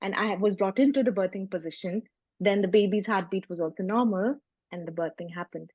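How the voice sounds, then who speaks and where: A woman's voice: medium pitch, fairly quick, darkish tone, no room sound. Conversational woman recounting, dry muffled recording. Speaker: parent sharing a birth story. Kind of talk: panel discussion storytelling.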